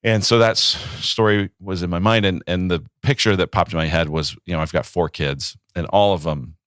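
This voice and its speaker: A man in his thirties, a pastor, talking in a relaxed podcast conversation and telling stories with acted-out quotes. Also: sits low, moderate pace, clear, resonant tone, no room sound, clean studio sound. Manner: reflective, storytelling with acted quotes.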